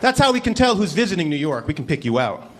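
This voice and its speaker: A man doing a stand-up comedy set on a club stage, animated and mock-incredulous, acting out little voices as he tells his stories. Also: a little high, quick pace. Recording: live club recording with crowd noise. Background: audience laughter.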